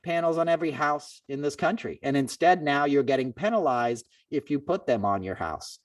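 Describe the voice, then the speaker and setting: A man hosting a podcast, telling a long story in a loose, chatty way. He jumps higher when he quotes others and sits a little back from the mic. The room sound is dry. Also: moderate pace, no echo, recorded from a distance. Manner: animated, acts out quoted people in a raised voice. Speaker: podcast host. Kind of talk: casual storytelling chat.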